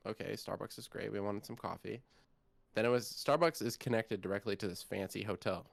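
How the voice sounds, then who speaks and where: Young man, about twenty, excitable rambling storyteller, lowish voice, dry close sound. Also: a little fast, vocal fry, no echo. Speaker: co-host. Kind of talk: casual podcast chat.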